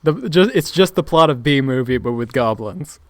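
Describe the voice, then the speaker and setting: A man's voice: mid-range voice, animated, normal speed, no room sound, clean studio sound. A man playing a tabletop game, chatting and joking with the group. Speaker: player. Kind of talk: casual table talk.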